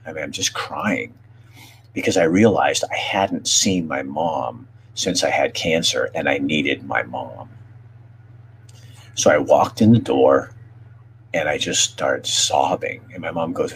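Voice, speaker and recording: A middle-aged man with an extremely deep voice hosts a podcast and shares personal stories. He talks candidly and emotionally, often pausing and restarting his sentences. A faint hum runs underneath. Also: lively intonation, vocal fry. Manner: halting, with many pauses and restarts. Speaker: podcast host. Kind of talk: heartfelt personal storytelling.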